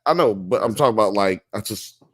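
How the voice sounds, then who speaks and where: A man co-hosting a podcast, ranting about a movie with animated, profanity-heavy casual banter. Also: on the low side, a little fast, husky, dry recording. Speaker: podcast co-host.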